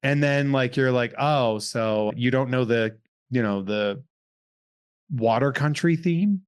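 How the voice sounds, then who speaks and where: Podcast host: man from Massachusetts, mid-range voice, quick jokes and interjections in casual chat. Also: medium pitch, steady tone, clean tone.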